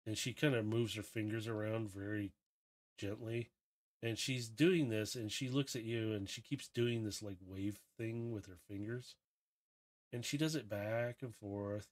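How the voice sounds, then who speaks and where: A man running a tabletop game as game master, narrating scenes in a relaxed, loose, descriptive way. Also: on the low side, a little slow.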